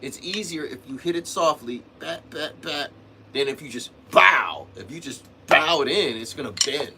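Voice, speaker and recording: A man's voice: mid-range voice, animated, brisk, bright, forceful tone, breathy edge. A man hosting a livestream, talking casually about drumming in a rambling way, restarting sentences and adding "man" and "you know". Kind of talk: casual livestream teaching talk.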